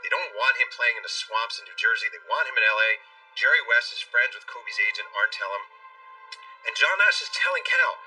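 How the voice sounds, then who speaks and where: A man, an author guest on a talk show, telling a story at a brisk pace and acting out what people said. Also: mid-range voice, expressive, sharp tone. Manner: brisk storyteller who acts out quotes. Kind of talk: interview storytelling. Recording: distant mic, faint music behind.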